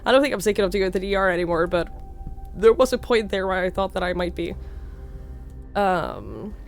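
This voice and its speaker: A young woman from Norway with a slight Norwegian accent, speaking hoarsely while sick, chatting casually on a live stream and thanking viewers by name. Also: medium pitch, animated, a little fast, soft background music. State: hoarse, sick with a sore throat.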